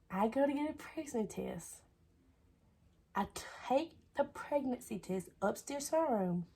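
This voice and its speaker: Young woman vlogger, AAVE, husky tone, rambling "I was like" storytelling. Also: on the high side, a little mellow. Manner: chatty, repeats "I was like". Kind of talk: casual storytelling.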